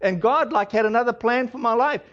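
A man preaching a sermon in a conversational, storytelling way, with animated asides. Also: extremely high pitch, fairly quick, lo-fi sound. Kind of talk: sermon with personal testimony.

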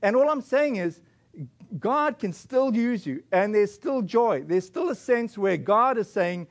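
A man preaching a sermon as pastor in a relaxed, conversational way, with frequent fillers and restarts. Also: sits high, measured pace. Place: church.

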